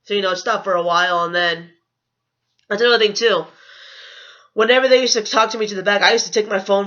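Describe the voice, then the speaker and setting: A woman's voice: mid-range voice, a bit bright. A young woman telling a storytime vlog in a blunt, profane, indignant rant. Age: young adult. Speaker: vlogger. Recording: dull lo-fi recording.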